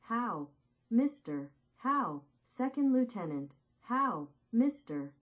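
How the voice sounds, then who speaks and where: A woman's voice: fairly high pitch, big pitch swings, slow, pitched above the performer's own voice. A woman voicing pleading young soldiers. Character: young male paratroopers pleading with their officer.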